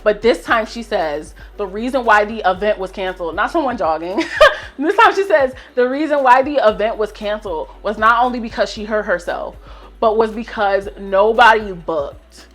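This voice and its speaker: A woman's voice: mid-range voice, normal speed, fairly bright tone, faint music behind. A young woman in her twenties telling a storytime rant to her viewers, swearing and fired up as she vents. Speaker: vlogger.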